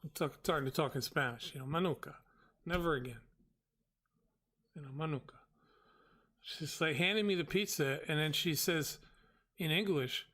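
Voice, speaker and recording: Bright-voiced man telling an exasperated story. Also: on the high side. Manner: exasperated, quick retelling with quoted dialogue. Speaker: trading show host. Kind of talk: animated storytelling.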